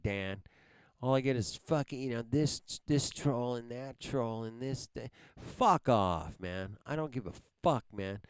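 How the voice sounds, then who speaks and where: Male livestream host, heated profane rant, smooth clear voice, dry close sound. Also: mid-range voice, no echo. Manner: heated, heavily profane, repeats "man". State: angry. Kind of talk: angry livestream rant at viewers.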